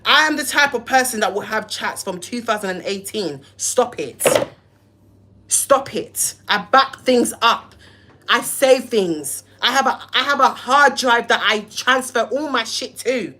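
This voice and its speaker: A woman's voice: a little high, unhurried. Fiery woman ranting on a livestream. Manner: animated, cussing, acts out both sides of phone calls. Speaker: live-stream host. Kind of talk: heated storytime rant on a livestream.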